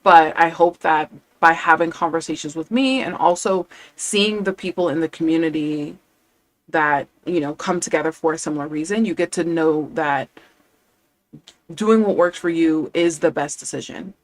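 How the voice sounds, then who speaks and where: A woman's voice: low voice, normal speed, no echo. A woman talking as a language coach in a casual live stream, chatty and enthusiastic, often quoting her students.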